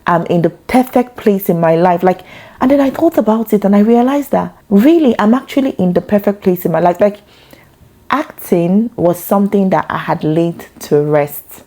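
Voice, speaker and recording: A woman, telling her own story in a reflective, expressive way that leaps up in pitch when she gets excited. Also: normal speed. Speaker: mother sharing her story. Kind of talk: reflective personal talk.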